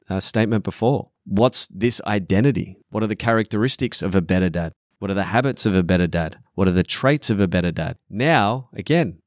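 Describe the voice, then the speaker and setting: A man's voice: fairly low pitch, no echo, clean studio sound. A middle-aged man on a podcast, speaking bluntly and emphatically, swearing often and acting out quoted voices. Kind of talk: podcast conversation.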